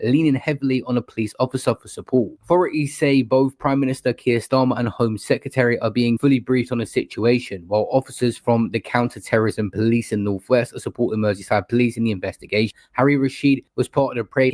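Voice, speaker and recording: Brief: man, fast news-style narration, dry close sound. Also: mid-range voice, a little mellow, dry recording.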